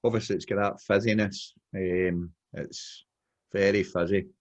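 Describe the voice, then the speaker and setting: A man's voice: low-pitched, fairly even intonation, a little slow, lo-fi sound. A Glaswegian man co-hosting a casual beer review podcast, laid-back and chatty, full of "aye" and "mate". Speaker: podcast co-host.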